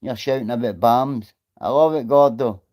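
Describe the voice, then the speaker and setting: A man's voice: mid-range voice, normal speed, darkish tone. A middle-aged man with a Scottish accent chatting bluntly and swearing freely as he answers viewers on his livestream. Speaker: livestreamer reading chat. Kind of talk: casual livestream chat.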